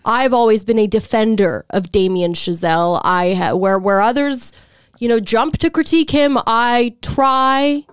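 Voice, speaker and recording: A woman hosting a podcast in casual chat, rambling and animated, swearing freely. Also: fairly high pitch, unhurried, smooth, no echo, clean studio sound. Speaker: podcast host.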